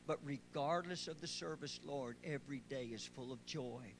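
A man preaching a sermon as pastor of a church, talking quietly at first and building up to shouting praise. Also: mid-range voice, moderate pace, hardly any pauses, slight background noise, rough recording. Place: church sanctuary.

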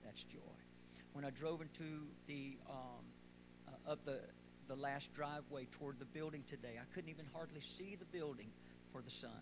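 A pastor preaches to his church in a high voice, starting quiet and conversational before rising to loud, shouted praise. The recording is noisy, with a steady hum behind him. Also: normal speed. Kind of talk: sermon. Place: church sanctuary.

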